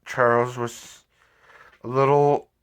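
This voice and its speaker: A man narrating an improvised story in a halting, self-correcting way. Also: medium pitch, flat delivery, smooth.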